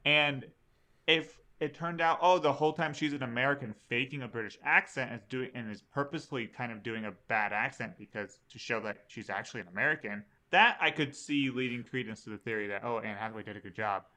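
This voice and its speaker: A man in a casual podcast chat, arguing his opinions at length. His tone is bright and forward. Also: mid-range voice, brisk. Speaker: podcast co-host.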